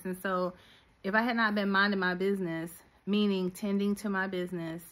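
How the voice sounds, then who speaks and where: A middle-aged woman minister and business coach preaching to her listeners in an animated, direct way. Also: medium pitch, normal speed. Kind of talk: sermon-style teaching.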